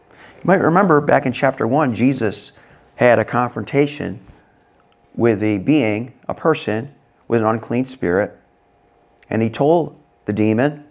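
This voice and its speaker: A middle-aged man preaching a sermon in an expressive way, acting out voices in sudden loud, high bursts. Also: measured pace, vocal fry, pauses often. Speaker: pastor.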